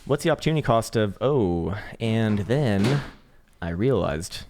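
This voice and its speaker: A man with a fairly low voice runs through crypto charts in a relaxed, conversational way. He jokes, swears casually and thinks out loud. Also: slow pace, long pauses. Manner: laid-back, joking, profane, thinking aloud with fillers. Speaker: crypto market analyst, channel host.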